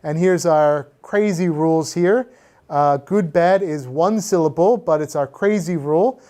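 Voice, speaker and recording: A man's voice: on the high side, measured pace, warm tone. A man reviewing English grammar for a class, patiently explaining rules with many fillers and switching into Korean. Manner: frequent filler sounds. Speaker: English teacher.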